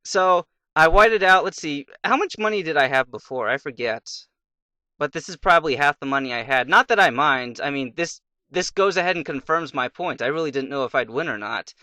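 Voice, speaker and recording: Young guy rambling over a game, bright tense voice, dry close mic. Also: on the high side, lively intonation, brisk, no room sound. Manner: rambling, retells a fairy tale in bits between game moves, mutters. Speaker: let's play commentator. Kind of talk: casual gameplay commentary with storytelling.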